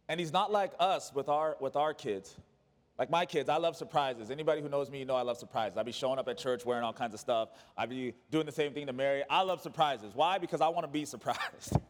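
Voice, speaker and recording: A man preaching a sermon as pastor, swinging between raised, urgent lines and quiet, hushed ones. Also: medium pitch, fast talker. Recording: long reverb of a church hall.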